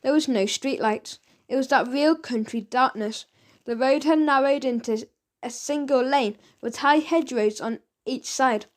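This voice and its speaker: Woman narrator, children's audiobook, high voice, lively, expressive. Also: measured pace.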